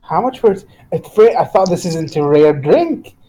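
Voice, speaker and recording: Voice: mid-range voice, animated, normal speed, a crowd in the background, low-quality recording. A player in a tabletop game, talking bluntly and sarcastically while haggling. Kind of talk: casual tabletop game chat.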